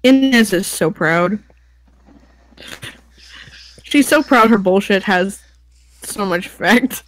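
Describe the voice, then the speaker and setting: A woman's voice: medium pitch, slow pace, no echo. A woman playing her character in a tabletop game, talking casually with laughs and casual swearing. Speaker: player.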